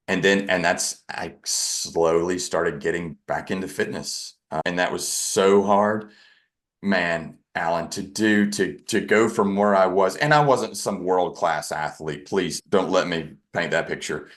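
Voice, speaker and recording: Very deep-voiced man telling his story. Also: moderate pace. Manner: candid, self-deprecating. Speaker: podcast guest. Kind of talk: personal storytelling in conversation.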